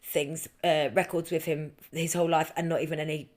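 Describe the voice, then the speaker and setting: A woman in her thirties, co-hosting a podcast and telling a story in lively casual chat, swearing often. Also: sits low, a little fast. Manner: animated storytelling, frequent swearing. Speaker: podcast co-host.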